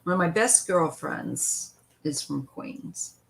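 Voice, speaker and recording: Woman tarot reader hosting a live stream, lower pitch, very slow pace, chatty and rambling. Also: animated, gravelly, a bit bright, low-quality recording. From western United States. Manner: chatty, meandering, greets viewers by name. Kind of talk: casual live-stream chat and tarot reading.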